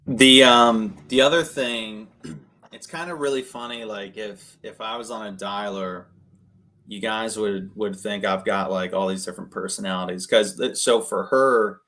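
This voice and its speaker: A man coaching cold callers in a chatty, energetic way, full of fillers and restarts. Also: on the low side. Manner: acts out phone calls, shifting his tone to match others. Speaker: real estate investor coaching cold callers. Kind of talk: casual coaching talk on a video call.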